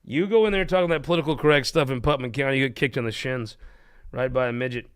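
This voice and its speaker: A man's voice: mid-range voice, fast talker, clean tone. A man hosting a political talk show, telling jokes and chatting in a rambling, irreverent way. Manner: irreverent, rambling, laughs at his own jokes. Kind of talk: casual joke-telling chat.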